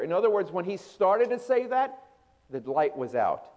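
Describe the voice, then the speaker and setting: Male preacher, high-voiced, theatrical sermon delivery. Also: sing-song, normal speed, a little mellow, muffled recording. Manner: dramatic, voicing scripture with swelling intensity.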